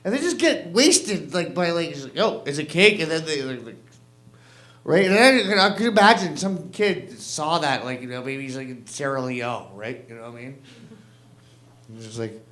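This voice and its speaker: A young man doing halting, rambling stand-up at an open mic on a club stage. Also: fairly high pitch, animated, a bit bright. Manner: rambling, halting, lots of fillers and restarts. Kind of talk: stand-up comedy. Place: comedy club stage with audience.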